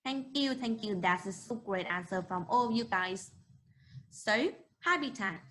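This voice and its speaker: A young woman with a Vietnamese accent teaching an English class online, encouraging and slowly modeling words for students to repeat. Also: medium pitch, lively intonation, a bit bright, rough recording.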